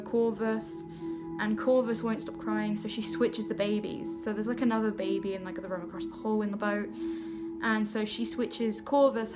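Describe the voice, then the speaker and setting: A young woman giving a casual film review vlog, gushing and giggly, and rambling with lots of fillers. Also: mid-range voice. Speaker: vlogger.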